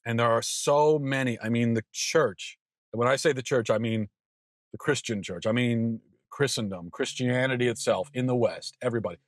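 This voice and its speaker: A man's voice: mid-range voice, normal speed, no room sound, clean studio sound. A man in his thirties hosting an opinion show, talking emphatically with frequent stammered restarts. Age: 30s. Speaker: podcast host. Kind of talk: opinion monologue.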